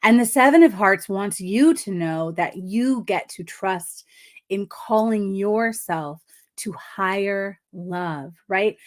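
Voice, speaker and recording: A woman giving a live card reading as a numerology coach, speaking in a soft, affirming, reflective way and often checking in with the listener. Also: medium pitch.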